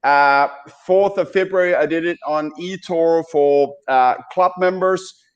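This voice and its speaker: A middle-aged man with a Danish accent, hosting a casual podcast chat and talking haltingly with many fillers. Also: fairly high pitch, smooth, dull audio. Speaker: podcast host.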